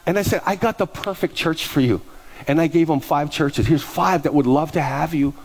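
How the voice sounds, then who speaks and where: A man's voice: on the high side, moderate pace. A male pastor preaching a sermon, telling personal stories and acting out the voices of the people in them. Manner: animated, acts out voices in his stories. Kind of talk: sermon storytelling.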